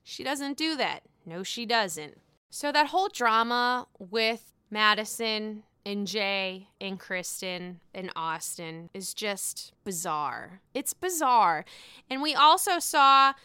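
A woman's voice: mid-range voice, lively intonation, slow, sharp tone, smooth, dry recording, clean studio sound. A woman giving casual gossip commentary, chatty and sassy, swearing freely as she goes. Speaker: gossip vlogger.

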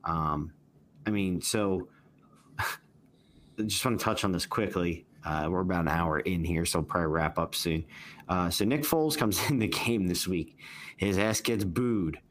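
A man's voice: low-pitched, measured pace, a bit bright, a little hiss or hum. A man hosting a casual sports podcast, steering the talk with questions and hesitant fillers. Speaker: podcast host.

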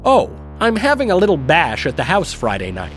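A man voicing a smooth, powerful Hollywood producer in an audio story, casually commanding and breezy. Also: on the high side, wildly swooping pitch, a little fast, fairly bright tone, slight background noise, voice pushed up.

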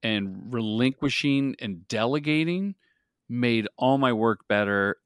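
A middle-aged man, a filmmaker guest on a podcast, telling stories in an energetic, animated way. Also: medium pitch, takes it slowly, smooth, dry recording, clean studio sound. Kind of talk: casual interview storytelling.

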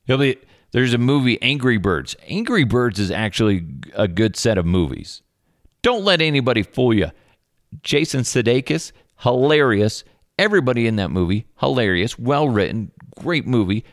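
Rambling low-voiced dad with a lively delivery. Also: male voice, dry recording, clean studio sound. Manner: rambling, animated storytelling with laughs. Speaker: podcast host. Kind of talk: casual chat.

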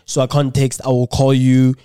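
A man from South Africa co-hosting a podcast, asking gentle and caring questions in a casual chat. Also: medium pitch, completely flat delivery, normal speed, smooth. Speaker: podcast co-host.

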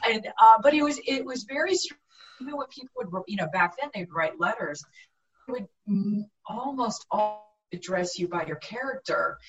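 A woman actress telling lively stories in a casual interview, laughing often. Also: mid-range voice, normal speed, far from the mic, dull audio, soft background music. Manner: animated anecdotes with frequent laughter. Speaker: actress guest.

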